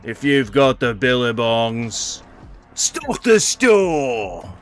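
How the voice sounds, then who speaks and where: A man's voice: medium pitch, sing-song, soft background music, exaggerated voice. A man doing a mock-Australian bomb-threat announcer. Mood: mock menacing. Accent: put-on Australian. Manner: slow, loud, mock-dramatic threats. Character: menacing male store-bomb announcer, theatrical.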